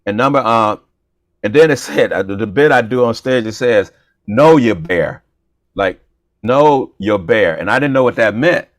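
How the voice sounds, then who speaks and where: A man's voice: fairly low pitch, moderate pace, dry recording. A man co-hosting a talk show, telling a funny story in a casual, playful way and acting out the dialogue. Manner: animated, playful, acts out dialogue. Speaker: comedian and show co-host.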